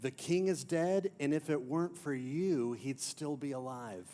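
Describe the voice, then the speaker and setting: A man, mid-sermon, voicing a sinister, scheming male lion uncle in low, hushed, menacing tones. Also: a little slow, natural voice. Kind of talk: sermon illustration.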